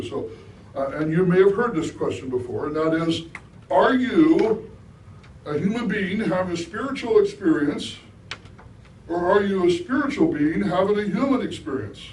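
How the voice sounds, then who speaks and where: A middle-aged man with a somewhat high voice gives a relaxed spiritual talk, often turning to his audience with questions. He sounds set back from the mic, and the hall around him echoes, with a faint hiss of room noise. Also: recorded from a distance. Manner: conversational, asks the audience questions. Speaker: guest speaker.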